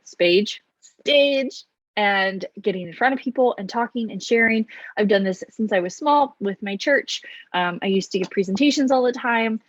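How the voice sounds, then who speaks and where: Fast, loud woman coaching to camera. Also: mid-range voice, no echo. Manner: loud, fast, animated talker who talks with her hands. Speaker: business coach. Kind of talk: casual to-camera advice. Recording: dull, slightly lo-fi, dry sound.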